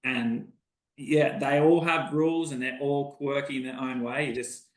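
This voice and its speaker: A man's voice: medium pitch, fairly even intonation, moderate pace. An Australian man, a podcast guest, chatting casually and rambling through stories while acting out conversations. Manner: rambling storyteller, acts out conversations. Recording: roomy echo.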